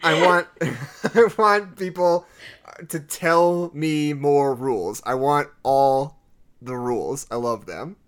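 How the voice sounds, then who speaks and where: A young man co-hosting a casual film chat, excitable and quick to laugh. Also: fairly high pitch. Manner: excitable, enthusiastic, laughs often.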